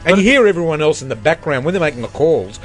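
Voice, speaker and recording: A man co-hosts a comedy radio show, rambling through incredulous questions and searching for his words. His voice sits fairly high and swings widely in pitch. Faint music plays underneath. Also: expressive, fast.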